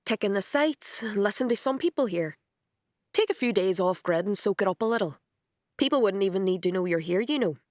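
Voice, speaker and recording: Woman doing a nervous people-pleasing young man in an audiobook, hesitant and stammering, mid-pitched voice, dry close sound. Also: animated, fairly quick, darkish tone, no echo, natural voice. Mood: earnest.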